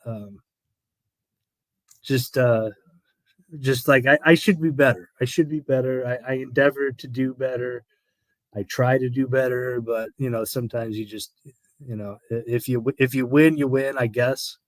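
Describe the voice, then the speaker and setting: A man's voice: mid-range voice, steady tone, moderate pace, dry recording. Hesitant male betting analyst, dry sound. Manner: hesitant, repeats words, many fillers. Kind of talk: casual live-stream chat.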